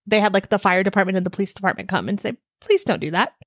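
A woman co-hosting a podcast in casual chat, wry and quick to laugh. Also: medium pitch, no echo, clean studio sound. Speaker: podcast co-host. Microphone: desk mic.

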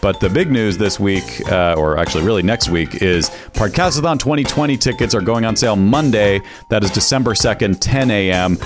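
A man's voice: fairly low pitch, animated, fairly quick, hardly any pauses, music in the background. A man hosting a podcast, plugging live shows and chatting casually, laughing easily. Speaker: podcast host. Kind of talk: casual podcast chat and show plugs.

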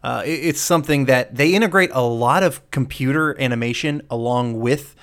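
A man hosts a podcast in a loose, conversational way, picking apart a film scene by scene. He is blunt and swears without a second thought. His voice sits in an ordinary middle pitch. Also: normal speed, a bit bright. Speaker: podcast host. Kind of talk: casual movie breakdown chat.

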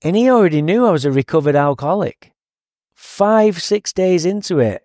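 A man with a Manchester accent telling his recovery story on a podcast, profane and animated, laughing often. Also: fairly high pitch, normal speed, dry recording, studio quality. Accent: Manchester English. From England. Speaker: podcast guest. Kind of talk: recovery story, casual chat.

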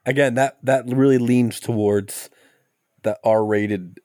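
A man's voice: mid-range voice, steady tone, slow pace, a little mellow, no room sound. Rambling man in a dry room. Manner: rambling, self-correcting, laughs often. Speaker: podcast co-host. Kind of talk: casual movie review chat.

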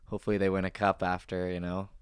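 Laid-back guy chatting sports, low voice, dry close mic. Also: flat delivery, fast, clear, resonant tone, no echo. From East Coast of Canada. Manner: easygoing, laughs often. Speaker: podcast co-host. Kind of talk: casual sports chat.

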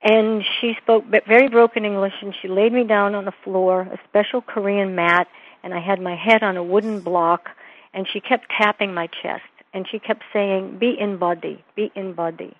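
A woman's voice: mid-range voice, steady tone, moderate pace. Earnest woman telling a story over a tinny line. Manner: earnest storytelling, acts out quoted voices. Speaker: guest, minister and author. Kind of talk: interview conversation.

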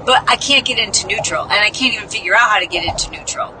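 A woman's voice: medium pitch, quick pace, background noise. A woman from the Midwest, a podcast host, telling a story in a casual, chatty, self-mocking way and acting out the people she quotes.

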